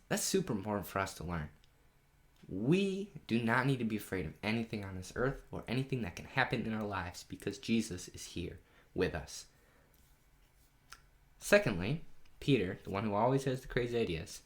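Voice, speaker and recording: A man leading a children's Bible lesson from home, telling the story in an animated way and asking the kids questions. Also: fairly low pitch, normal speed. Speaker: children's pastor. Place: home during lockdown.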